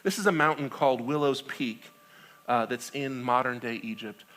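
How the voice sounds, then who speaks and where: A man in his thirties preaching a sermon, telling the story in a conversational, animated way and asking his listeners "right?" along the way. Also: medium pitch, moderate pace. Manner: animated storytelling, acting out quoted voices; conversational with frequent "right?" and laughs. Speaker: pastor.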